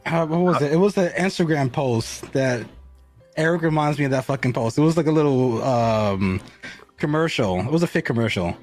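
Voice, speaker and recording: A man's voice: on the high side, normal speed, faint music behind. A man co-hosting a casual podcast, animatedly retelling a funny clip. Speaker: podcast co-host. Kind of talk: casual chat.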